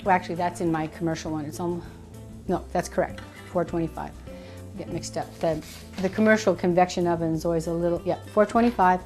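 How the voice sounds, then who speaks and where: A woman's voice: lowish voice, steady tone, a little fast, a little mellow, faint music behind. Chatty middle-aged woman cooking on camera. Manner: chatty and enthusiastic, thinks aloud. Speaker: cooking show host. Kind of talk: casual cooking demonstration. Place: kitchen.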